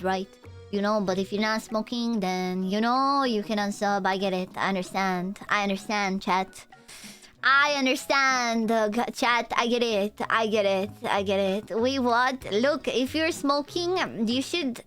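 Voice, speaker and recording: A young woman with a Romanian accent, chatting casually and teasingly with her viewers as a live streamer. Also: mid-range voice. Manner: playful, teasing, rambling. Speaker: VTuber streamer.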